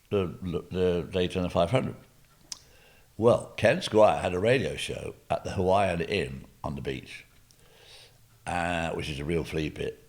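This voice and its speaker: An older man with an English accent, telling humorous racing stories as an interview guest, rambling with asides. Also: low-pitched. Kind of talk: anecdotal storytelling.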